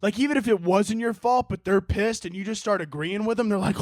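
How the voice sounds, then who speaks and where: A man's voice: high voice, fairly quick, no echo, clean studio sound. A man hosting his own podcast, telling a story in casual, profane talk, laughing often and acting out both sides. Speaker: podcast host.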